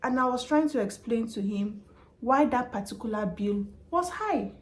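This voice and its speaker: A woman's voice: fairly high pitch, animated, normal speed. Chatty woman. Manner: chatty and emphatic, repeats points. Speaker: vlogger and customer service worker. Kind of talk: casual advice vlog.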